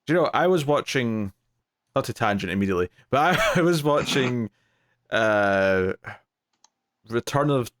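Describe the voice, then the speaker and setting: A man chatting casually as a podcast co-host. He is dry and blunt and slips into mock outrage. His voice sits at a middling pitch for a man. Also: expressive, a little slow, long pauses, a bit bright. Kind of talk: casual chat.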